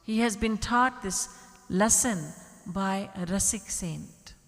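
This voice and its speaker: A woman's voice: mid-range voice, takes it slowly, a bit bright. A woman spiritual teacher giving an earnest devotional discourse, full of rhetorical questions. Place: large retreat hall. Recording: long reverb from a large hall.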